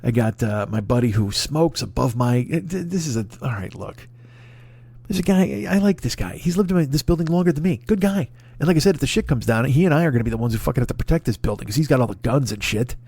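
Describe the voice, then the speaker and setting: A man's voice: medium pitch, quick pace, gravelly, darkish tone, breathy edge, dry recording. A man comedian with an American accent doing a rambling, profane comic rant. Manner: profane, rambling, riffing with impressions. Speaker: comedian host.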